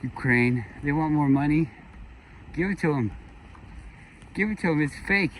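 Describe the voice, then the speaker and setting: A man's voice: fairly high pitch, lively intonation, moderate pace, slight background noise, rough recording. A man ranting bluntly and profanely in a casual, joking way while walking his dog outside in the cold. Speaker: vlogger. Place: outdoors in the cold.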